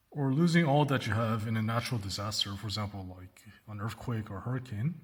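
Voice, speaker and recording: A male English teacher giving a recorded lesson, slowing down to model example sentences and often checking in with "right?" and "okay?". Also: on the low side. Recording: reverberant room.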